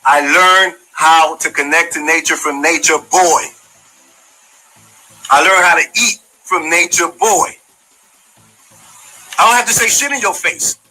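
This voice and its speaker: A man with a high, bright, husky voice, talking bluntly and profanely in a heated monologue. He addresses someone directly, in a confrontational way. Faint music plays underneath. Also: a little slow, pauses often, low-quality recording. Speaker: former community member giving his side.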